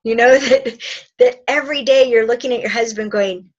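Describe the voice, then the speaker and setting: High-voiced woman giving relationship advice. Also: steady tone, moderate pace, dull audio. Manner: laughs often, acts out little dialogues. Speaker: relationship expert guest. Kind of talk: conversational advice. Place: indoor couch talk.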